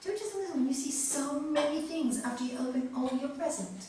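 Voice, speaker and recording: High-voiced woman teacher in echoey room. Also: fairly quick, distant mic, noisy background. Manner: animated, laughing, emphatic. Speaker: yoga teacher. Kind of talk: casual group talk. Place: group session room.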